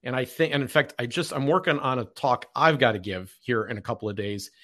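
Mid-pitched man hosting a podcast conversation. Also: fairly quick, a bit bright. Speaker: podcast host. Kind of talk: casual interview chat.

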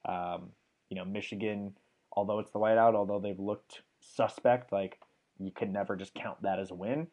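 Young male podcast host, casual and eager, reads stats in a quick rattle. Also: on the low side, fairly even intonation, darkish tone. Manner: enthusiastic, rattles off stats with fillers. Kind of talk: casual sports podcast chat.

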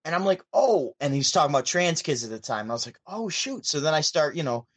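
A man from Syracuse, New York tells a story casually and with energy, jumping into the voices of the people he quotes. His voice sits somewhat high for a man. The recording is dry and close, with no room sound. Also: rapid-fire, fairly bright tone, dry recording. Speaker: podcast guest, DJ and show host. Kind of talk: casual storytelling over a call.

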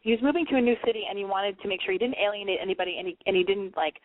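A young woman hosts a call-in advice show in a blunt, profane, rambling way. Her voice is thin and tinny, like a phone line, and completely dry. Her pitch sits in the middle for a woman. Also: very fast, no echo. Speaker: call-in radio advice host.

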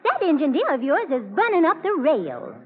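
A woman's voice: sits high, big pitch swings, moderate pace. A fussy landlady. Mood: fussing. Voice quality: folksy, exclaiming. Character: fussy older Southern boarding house landlady. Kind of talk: 1940s radio acting. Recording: tinny old radio recording.

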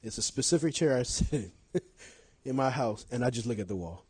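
A middle-aged male pastor preaching a sermon, telling stories with big swings from shouting to hushed confession. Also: medium pitch, expressive, brisk, husky, dry recording.

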